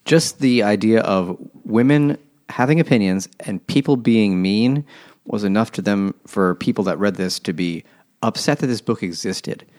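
Low-pitched man, blunt and dry, cursing in a casual book chat. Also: moderate pace, darkish tone.

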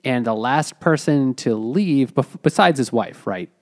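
Man retelling a plot with halting restarts. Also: medium pitch, animated. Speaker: podcast co-host. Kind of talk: casual chat.

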